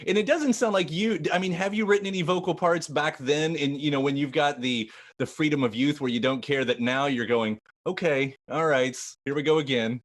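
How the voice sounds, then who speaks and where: A man's voice: a little high, brisk, few pauses. A man hosting an interview, asking long, thoughtful questions with frequent restarts. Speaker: interview host.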